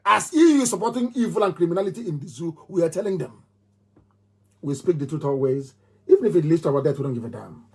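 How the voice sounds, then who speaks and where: A man's voice: on the high side, lively intonation, fast talker, a little mellow, husky. A middle-aged man with a Nigerian accent giving a fiery live radio address, emphatic and repeating phrases like a chant. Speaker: movement leader on radio.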